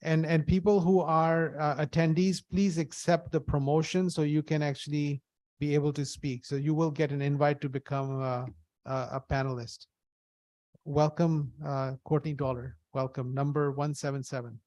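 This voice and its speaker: A man chairing a public hearing over a video call, calling speakers in a halting, procedural way. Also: on the high side, little pitch movement, darkish tone, no room sound. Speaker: committee chair.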